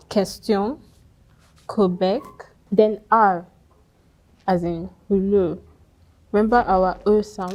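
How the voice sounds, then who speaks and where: A woman's voice: mid-range voice, darkish tone, rough recording. A woman teaching French pronunciation, patiently spelling out letters and modelling each word. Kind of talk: slow instructional lesson.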